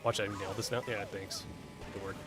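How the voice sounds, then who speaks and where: A man's voice: on the low side, level tone, fairly quick, loud music behind the voice. A man casually commenting while playing a game, rambling with lots of fillers, swearing and laughing at his own mistakes. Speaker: gaming streamer.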